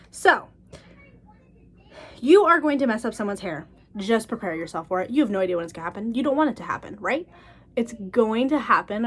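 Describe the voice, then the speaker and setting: A woman in her twenties telling stories in a blunt, animated casual vlog, laughing often. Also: mid-range voice. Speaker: cosmetologist sharing school experiences.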